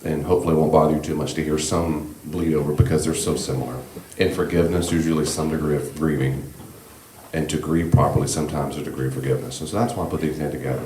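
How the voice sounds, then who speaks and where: A man teaching a church class on grief, speaking in a gentle, reassuring, conversational way with frequent asides, on a handheld microphone in a church meeting room. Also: a bass voice, steady tone, fast talker. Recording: echoey room with faint background hiss.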